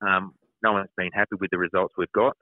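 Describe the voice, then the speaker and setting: Low-voiced man on a tinny phone line. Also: flat delivery, fairly quick, no room sound. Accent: Australian. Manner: hesitant, many fillers and restarts. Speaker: football club CEO guest. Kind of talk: phone interview answers. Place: phone call.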